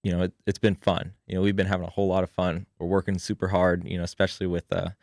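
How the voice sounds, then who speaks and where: A man's voice: sits low, monotone, quick pace, a little mellow, no room sound, clean studio sound. A man talking casually as a podcast guest, rambling with many "you know" fillers.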